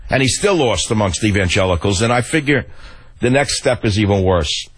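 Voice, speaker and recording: An older man rambles through a talk radio monologue. His voice is low and husky, with gruff, animated asides. The studio sound is close and dry. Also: a little fast, no echo, low-quality recording. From the Bronx, New York.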